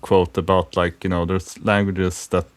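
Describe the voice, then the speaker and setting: A man's voice: low-pitched, flat delivery, moderate pace, no room sound. A man hosting a programming podcast, talking in a thoughtful, hesitant way with many fillers and restarts. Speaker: podcast host. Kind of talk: casual technical conversation.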